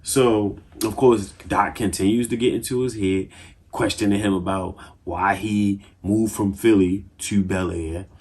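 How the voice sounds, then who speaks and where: Low, husky-voiced man recapping a show. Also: measured pace. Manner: slangy, excitable storytelling with lots of fillers. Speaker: TV show reviewer. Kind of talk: casual episode recap.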